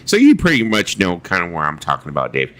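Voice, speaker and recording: A man's voice: deep voice, huge pitch swings, fast, fairly bright tone. A man hosting a casual livestream chat, telling rambling stories and reading viewer comments aloud, swearing freely. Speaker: livestream host.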